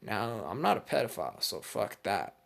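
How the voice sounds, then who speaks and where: Man, low voice, animated pitch, casual storytelling, crude slang, rambling. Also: normal speed, vocal fry. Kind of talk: casual fan-fiction storytelling.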